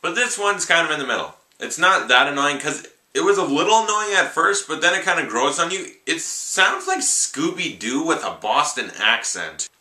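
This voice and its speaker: A man's voice: on the high side, very animated, normal speed, hardly any pauses, sharp tone. A young man reviewing a film in a casual, rambling way, full of "like"s. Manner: rambling, offhand, many "like"s. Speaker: movie reviewer. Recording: echoey room.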